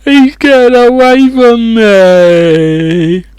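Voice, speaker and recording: Man putting on a high whiny schoolboy, tearful, miserable, storybook. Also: expressive, very slow, a little mellow, clean tone, dry recording, heavily acted. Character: tearful timid boy who lost his toad.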